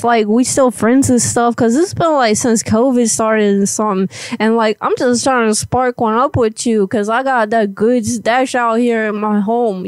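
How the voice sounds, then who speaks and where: A woman voicing a brash, stoned party girl who talks fast in crude street slang on a prank call. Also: high-pitched, no room sound. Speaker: prank caller.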